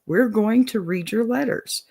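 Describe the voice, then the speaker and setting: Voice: mid-range voice, a little slow, creaky, husky, no room sound. Southern-accented host with a dry close sound. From Texas. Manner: warm encouraging, peppered with "okay?" and "y'all". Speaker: advice show host. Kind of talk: casual advice-show monologue.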